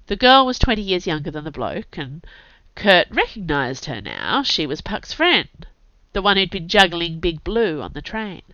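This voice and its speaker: Brief: woman audiobook narrator, brisk and gritty; dry, lo-fi recording. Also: on the low side, pushed and bright, no room sound. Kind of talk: scripted narration.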